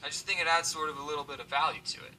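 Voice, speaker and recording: A young man telling comic stories in an animated, sarcastic way, sometimes putting on voices for the people in them. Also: fairly high pitch, rapid-fire, slight background noise, low-quality recording. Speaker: animated storyteller. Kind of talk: comedic storytelling to the camera. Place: Arizona.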